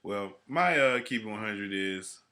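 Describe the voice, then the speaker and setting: A man's voice: on the low side, expressive, a little slow, bright, forceful tone. A man co-hosting a casual podcast, talking in a laid-back, rambling way with lots of fillers. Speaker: podcast co-host.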